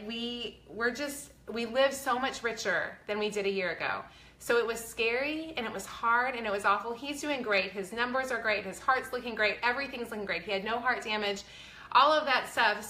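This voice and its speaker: A woman's voice: on the high side, moderate pace, pushed and bright, echoey room. A woman, talking earnestly and chattily to her viewers, close to tears, with a faith-filled manner. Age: 40s. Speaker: vlogger. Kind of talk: casual heartfelt talk to viewers.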